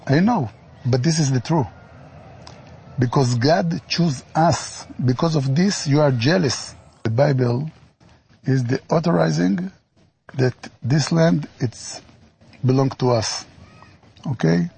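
A man speaking slow, halting, broken English as a lawyer in a played interview clip. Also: fairly high pitch, creaky, mellow, a little hiss or hum.

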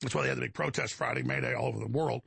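A man's voice: medium pitch, steady tone, very fast, creaky, a bit bright, slightly rough, no echo. A male show host in an agitated, emphatic monologue, rambling and restarting his sentences. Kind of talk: heated monologue.

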